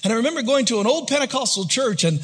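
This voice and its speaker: A man preaching from the pulpit with a high, husky voice. He swings between bursts of excited intensity and hushed, near-whispered passages, pulling the congregation in close. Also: racing. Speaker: pastor. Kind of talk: sermon.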